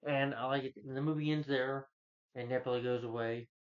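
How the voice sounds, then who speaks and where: Guy rambling thru a movie recap, lots of like and you know, muffled lo-fi sound, medium pitch. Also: steady tone, moderate pace. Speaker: movie reviewer. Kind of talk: casual plot recap. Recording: dull lo-fi recording.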